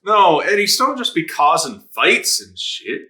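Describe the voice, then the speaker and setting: A man's voice: on the high side, very animated, measured pace, bright, forceful tone. A man hosting an anime reaction video, chatting casually, laughing often, swearing and acting out characters' lines. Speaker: anime reaction channel host.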